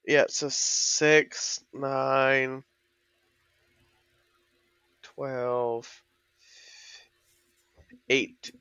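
A woman's voice: very deep voice, extremely slow, long pauses, fairly bright tone, clean tone, no echo. A woman narrating as game master in a casual tabletop game, rambling and swearing freely.

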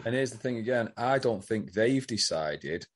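A man's voice: mid-range voice, expressive, moderate pace. A man, co-hosting a podcast, making blunt, sweary asides in casual chat. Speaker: podcast co-host.

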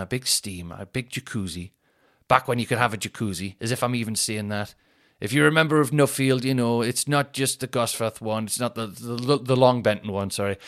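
A man's voice: medium pitch, a bit bright. A young man, a comedian hosting his podcast, rambling through a sweary, self-mocking monologue full of tangents.

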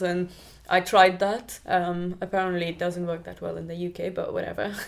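A woman's voice: lowish voice, fairly even intonation, normal speed, gravelly. Chatty young Indian woman. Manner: chatty, many restarts and "like" fillers. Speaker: podcast guest. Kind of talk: casual storytelling in an interview.

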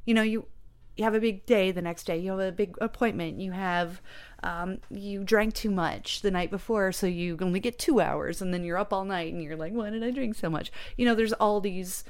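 A woman chatting as a guest about the stage show she created, rambling and animated. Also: medium pitch, moderate pace, clear, resonant tone. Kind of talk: casual interview chat.

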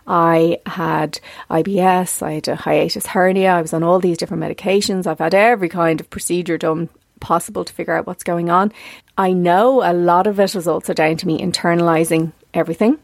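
Gravelly woman in her forties, candid podcast host. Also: fairly low pitch, no echo. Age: 40s. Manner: earnest, confessional, easily emotional. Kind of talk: reflective podcast monologue.

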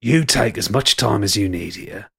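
A man's voice: moderate pace, gravelly, bright, forceful tone, slightly rough, heavily acted. A man voicing a theatrical, mocking older brother with a Cockney accent in a tabletop game. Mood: fussy. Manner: theatrical, mocking, exaggerated swings in pitch.

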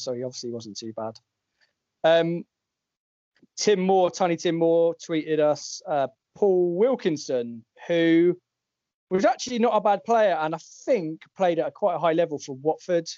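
A man hosts a relaxed chat in a wry, rambling way, correcting himself as he goes. His voice sits a little high. The recording is dry and a bit muffled. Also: no room sound. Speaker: podcast host. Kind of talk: casual chat. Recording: dull lo-fi, dry.

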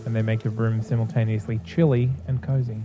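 A man narrating a tabletop game as game master, relaxed and descriptive. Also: fairly low pitch, fairly quick, music in the background.

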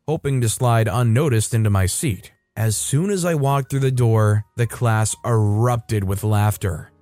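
A man tells a first-person story in a steady, even-pitched narration, now and then lifting his voice for the women he quotes. Soft music plays quietly under him throughout. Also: no echo. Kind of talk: scripted narration of a reader story. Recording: soft music bed behind. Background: faint background music.

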